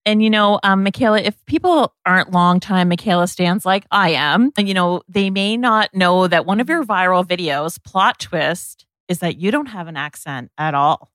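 A woman's voice: lowish voice, normal speed, hardly any pauses, fairly bright tone, dry recording, clean studio sound. A woman hosting a podcast, playful and enthusiastic as she sets up questions for her guest. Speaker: podcast host. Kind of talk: casual interview talk.

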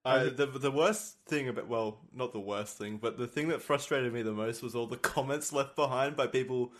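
Animated, indignant podcast man. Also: mid-range voice, normal speed. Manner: animated, reads comments aloud indignantly. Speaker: podcast co-host. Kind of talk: casual group chat.

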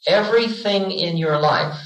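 A man's voice: high voice, a little slow, fairly bright tone. A man in his forties giving a playful spiritual lecture, telling stories and acting out little voices. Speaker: spiritual teacher. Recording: roomy 1970s lecture recording.

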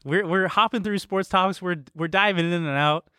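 A young man co-hosting a casual comedy podcast, teasing his co-host with quick jokes and interjections. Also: high voice, sharp tone, clean tone, dry recording, clean studio sound.

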